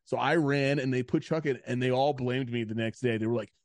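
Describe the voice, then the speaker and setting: A man's voice: medium pitch, fairly quick, dry recording. A man co-hosting a podcast, telling a story in casual chat, rambling and swearing with lots of "like". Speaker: podcast co-host.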